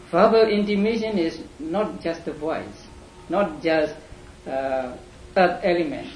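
Slow, halting male lecturer in an echoey room. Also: fairly high pitch, darkish tone. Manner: slow, halting, with many fillers and repeated words. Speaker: teacher. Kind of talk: lecture to a class. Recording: echoey room, faint hum.

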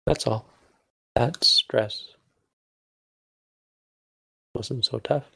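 A man's voice: mid-range voice, slow, creaky, bright, forceful tone, breathy edge, no room sound. A man teaching a language lesson in a casual, joking way, stopping to correct himself as he goes. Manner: informal, self-correcting, joking.

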